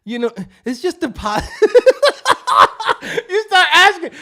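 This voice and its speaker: A man hosting a casual livestream, joking loudly and profanely and acting out scam calls. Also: very high-pitched, sing-song, slow pace, pauses often. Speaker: livestream host.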